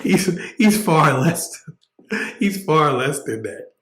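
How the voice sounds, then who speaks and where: A man's voice: fairly high pitch, lively intonation, takes it slowly, a bit bright, reverberant, poor audio. A man hosting a casual livestream, talking bluntly and joking as he preaches his point. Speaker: livestream host.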